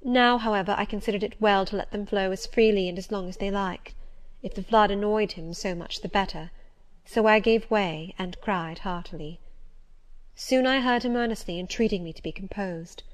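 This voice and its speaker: Composed woman reading a classic novel. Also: medium pitch. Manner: measured and composed, with a mid-range voice. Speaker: audiobook narrator. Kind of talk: first-person literary audiobook narration.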